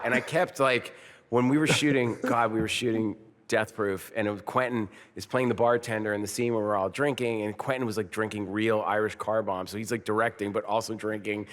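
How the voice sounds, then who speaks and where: A man in his fifties tells stories on stage at a live podcast recording, often jumping into quoted film lines. His voice sits somewhat low. The sound carries a long reverb from the hall. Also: brisk. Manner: animated storyteller who bursts into quoted movie lines. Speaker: guest, film director and actor. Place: on stage at a film festival before an audience.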